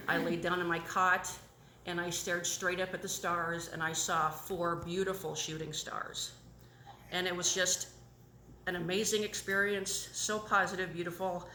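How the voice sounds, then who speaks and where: A woman's voice: lowish voice, pushed and bright, roomy sound, slight background noise. A woman gives a gushing, tearful personal testimonial at a campsite and laughs through her tears. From Washington State, US. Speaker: camp attendee giving testimony.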